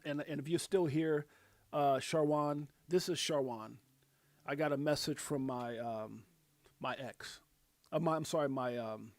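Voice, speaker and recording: Male streamer, casual and rambling, dry close sound, average pitch. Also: no room sound. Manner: rambling, many fillers and restarts, reads viewer names aloud. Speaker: crypto livestream host. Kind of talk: casual live-stream chat.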